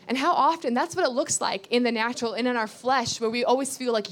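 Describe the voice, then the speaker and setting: Woman, sermon teaching, scripture reading, earnest, repeats phrases, rhetorical questions, slightly high voice. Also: normal speed, hardly any pauses. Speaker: Bible teacher.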